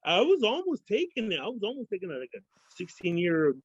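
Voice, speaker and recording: A man's voice: high voice, wildly swooping pitch, a little fast, breathy edge, dry recording. A man from Fresno, a guest in a casual interview, telling rambling profane stories and acting out other people's voices. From Fresno, California. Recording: dull lo-fi sound.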